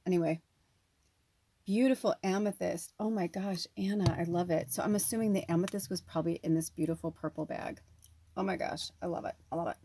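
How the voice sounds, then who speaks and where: A woman on the US West Coast making a casual vlog as a spiritual medium, chatting excitedly while unboxing a gift. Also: lowish voice, a little fast, breathy edge. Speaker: spiritual medium and tarot reader. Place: at home, off-grid.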